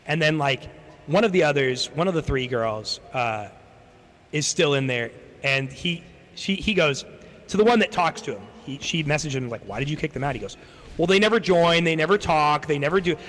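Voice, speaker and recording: A man's voice: medium pitch, animated, normal speed, fairly bright tone. A young man chatting casually on his stream, rambling through a story, swearing freely and acting out what other people said. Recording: long reverb, faint background noise.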